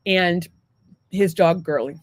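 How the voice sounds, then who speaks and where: A woman with a lowish voice speaks slowly as a podcast co-host, telling a long story in a casual, rambling way that is profane and self-mocking.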